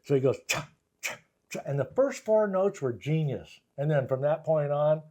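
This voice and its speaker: An older man with a slightly high voice tells loose, rambling stories as a guest in a casual interview. He laughs often and slips into the voices of the people he is quoting. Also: animated, moderate pace, mellow. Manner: laughing, acts out quoted voices in anecdotes. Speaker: guest guitarist.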